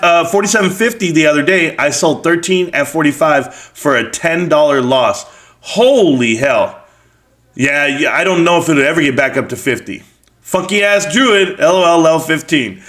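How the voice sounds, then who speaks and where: Lively man hosting a live stream. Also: on the high side. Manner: animated, joking banter with frequent laughs. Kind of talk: casual live-stream chat, reading out viewer comments.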